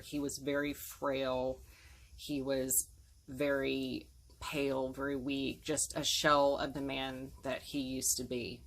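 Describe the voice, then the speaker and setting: Low-voiced woman in her forties telling her story. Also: little pitch movement, slow, low-quality recording. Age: 40s. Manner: earnest, emotional retelling with quoted dialogue. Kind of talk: personal storytelling to camera.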